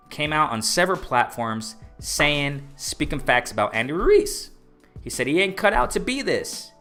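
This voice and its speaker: A man hosting a casual boxing livestream, reading chat aloud and repeating himself with excitement. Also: medium pitch. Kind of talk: casual live-stream commentary.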